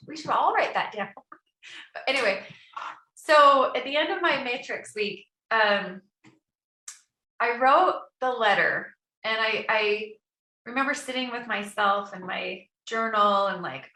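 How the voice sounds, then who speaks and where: Middle-aged woman, guest storyteller, animated, echoey room sound. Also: on the high side, measured pace. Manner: animated, quotes her own thoughts aloud. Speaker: guest entrepreneur. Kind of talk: personal storytelling in an interview.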